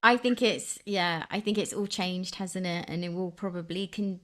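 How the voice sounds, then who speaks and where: A woman's voice: fairly low pitch, moderate pace, over a noisy crowd. Chatty woman guest. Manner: chatty, lots of fillers and tag questions. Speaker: soprano singer and radio host, guest. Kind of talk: casual interview conversation.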